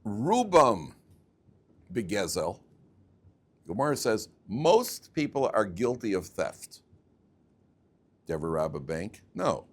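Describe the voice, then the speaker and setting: A man, a rabbi teaching a class, telling stories with lively, repetitive delivery and acting out both sides of arguments. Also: fairly low pitch, takes it slowly, long pauses. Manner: animated, repeats words, acts out both sides of arguments. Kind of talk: lively storytelling lecture.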